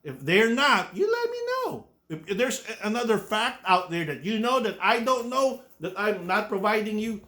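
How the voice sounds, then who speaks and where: With a high, bright, forceful voice, a sixty-something YouTube commentator rants his opinions to his audience at a moderate pace, barely pausing. He's blunt and swears a lot, keeps repeating and restarting his words, and coughs.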